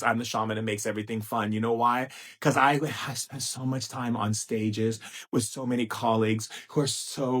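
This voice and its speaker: A middle-aged man with a mid-range, somewhat bright voice hosts a live stream as a spiritual teacher. His casual monologue is playful and sassy, full of teasing endearments for his listeners and impressions of stiff, monotonous speakers.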